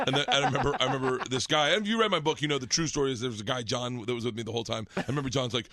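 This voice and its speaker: A man's voice: mid-range voice, very fast, sharp tone, no room sound. A male comedian guest in casual studio chat, rambling through stories and laughing as he tells them. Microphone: studio mic.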